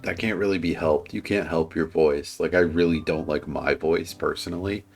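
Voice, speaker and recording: A man with a very deep voice and a slight lisp talks through dating advice in a flat, level delivery. He rambles earnestly and restarts his sentences often. Faint music plays underneath him. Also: normal speed. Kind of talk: casual reaction commentary.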